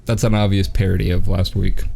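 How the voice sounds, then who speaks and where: A man's voice: low-pitched, level tone, fairly quick, creaky, warm tone, soft background music. A young man co-hosting a casual podcast chat, joking and poking fun at himself. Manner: joking, self-mocking. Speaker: co-host.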